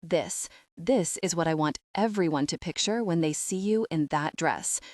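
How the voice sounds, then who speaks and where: A woman reading the lines of a confident, possessive adult man who speaks in a low murmur in a romance audiobook. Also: moderate pace, darkish tone, no room sound, clean studio sound, lightly acted.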